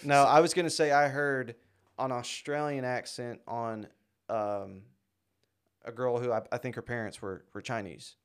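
Easygoing man with a smooth voice. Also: mid-range voice, fairly even intonation, unhurried. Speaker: podcast co-host. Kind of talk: casual chat.

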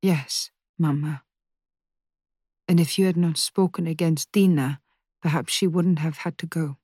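A guarded young woman, voiced by a woman reading an audiobook, answers in hushed, clipped lines. She speaks slowly and the sound is dry and close. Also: low voice, steady tone, breathy edge, no echo, voice pushed down. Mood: tense, hushed. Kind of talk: audiobook character voice.

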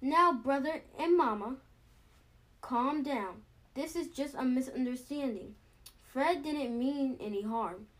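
A calm father bear who reassures everyone soothingly, as a woman reads him. The voice stays fairly high. It is a storybook read-aloud. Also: slow.

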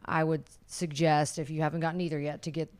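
A woman esthetician in a casual chat, explaining skin treatments in a relaxed way with frequent fillers. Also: low voice, fast.

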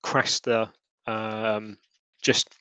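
A man running a tabletop role-playing game as game master, narrating in a halting, laughing way. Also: fairly low pitch, flat delivery, crowd noise, rough recording.

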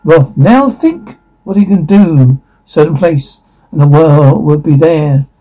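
A man's voice: a little high, lively intonation, slow pace, mellow, low-quality recording. A man voicing an intense young male teacher who is obsessed with the power of the mind, reading a radio play in an insistent, lecturing way.

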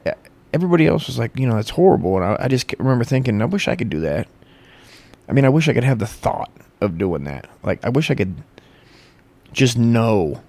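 A man's voice: medium pitch, creaky, darkish tone. A man rambling through a crude, profane comic monologue, stumbling and correcting himself as he goes.

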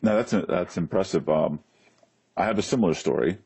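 A man hosts a casual interview with a very deep, mellow voice. His tone is husky and soft-edged, and he hesitates with frequent fillers as he leads the talk. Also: normal speed. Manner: relaxed, hesitant with many fillers. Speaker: interview host.

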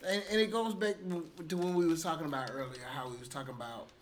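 A man co-hosting a podcast in casual chat, trading loud mock-indignant banter and then musing more slowly. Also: fairly high pitch, lively intonation. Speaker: podcast co-host.

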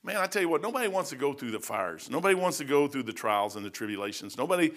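Folksy, bright-voiced preacher. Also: male voice, mid-range voice, sing-song, fast. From United States. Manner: folksy, blunt, conversational, many fillers and asides. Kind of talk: sermon with personal stories.

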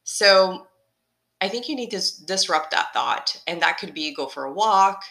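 A woman hosting her own motivational podcast, speaking in a somewhat low but bright, forceful voice. She is upbeat and encouraging, and she circles back to repeat her main points. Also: lively intonation, normal speed, vocal fry. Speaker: podcast host.

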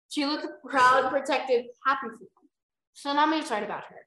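A young woman co-hosting a podcast, reading a book aloud and breaking off into excited, animated reactions. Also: sits high, moderate pace. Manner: animated, bursts into exclaims and laughs. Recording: echoey room.

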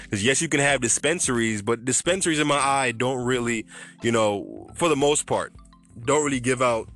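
A man's voice: mid-range voice, fairly bright tone. A man hosting a podcast off the cuff, chatty and rambling, often correcting himself mid-sentence. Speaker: podcast host. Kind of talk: unscripted cannabis news podcast.

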